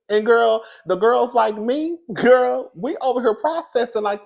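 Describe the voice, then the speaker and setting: A man dishes celebrity gossip in a loose, sassy way. He laughs often and swings between high, excited squeals and hushed, secretive whispers. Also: a little slow, creaky. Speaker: commentary host.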